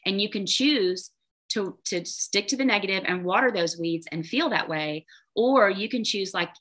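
A woman business coach talking casually in an interview, animated, acting out the voices in her head. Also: mid-range voice, normal speed. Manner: animated, acts out quoted inner voices.

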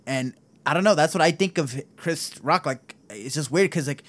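A man's voice: a little high, moderate pace, a bit bright. A man in a casual podcast chat who talks agreeably, chiming in with "yeah" and using plenty of "like". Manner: chatty, agreeable, filler-heavy.

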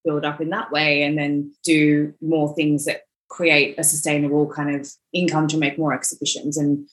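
A woman's voice: deep voice, little pitch movement, moderate pace. A woman in her thirties, a podcast guest, talking casually in a rambling way with lots of "like". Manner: rambling, frequent "like", restarts. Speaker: guest, exhibition organiser. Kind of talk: casual chat.

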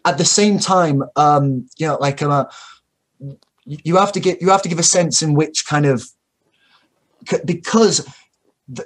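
A man's voice: fairly high pitch, slightly rough. A man talking at length in a casual, opinionated way, full of fillers and restarts and the odd swear word. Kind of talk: casual discussion.

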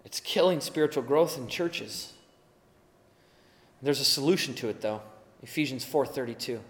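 A man's voice: medium pitch, normal speed. A man preaching a sermon in an earnest, emphatic way, now and then acting out the voices he quotes. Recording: echoey hall with long reverb.

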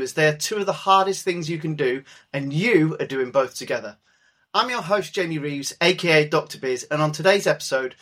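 A man's voice: a little high, fairly bright tone. A man hosting a podcast interview, introducing his guest in a playful, upbeat way. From England. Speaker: podcast host.

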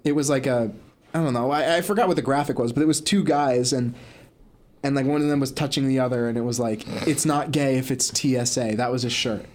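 A man's voice: medium pitch, fairly quick, a little hiss or hum. A young man co-hosting a podcast, telling a story in rambling casual chat full of fillers and restarts. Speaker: podcast co-host.

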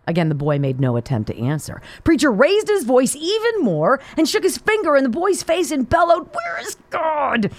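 A woman's voice: medium pitch, no room sound. A woman co-hosting a talk show, trading jokes playfully and laughing at her own punchlines. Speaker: radio show co-host. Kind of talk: casual joke-telling banter.

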